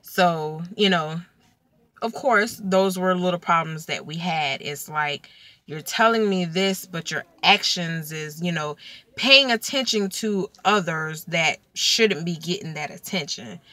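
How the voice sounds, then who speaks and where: A young woman tells a personal story straight to camera, chatty and animated. Her voice is bright but sits a little low. She leans on plenty of casual fillers as she goes. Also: measured pace, no echo. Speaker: vlogger telling a personal story.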